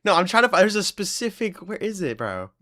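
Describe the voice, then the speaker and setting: Lively joking male streamer. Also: high-pitched, a little fast. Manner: joking, laughing, chatty with chat. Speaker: gaming streamer. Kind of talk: casual live-stream chat.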